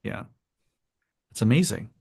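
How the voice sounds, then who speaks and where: A man hosting a group coaching call, encouraging and unhurried, speaking over a video call. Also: darkish tone.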